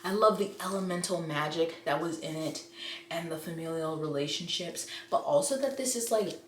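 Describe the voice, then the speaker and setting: A woman chatting casually and excitedly about books she loves, acting out her own reactions. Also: fairly low pitch, moderate pace. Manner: gushing, animated, quotes her own reactions. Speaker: book vlogger. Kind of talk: casual book review chat. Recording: echoey room with faint noise.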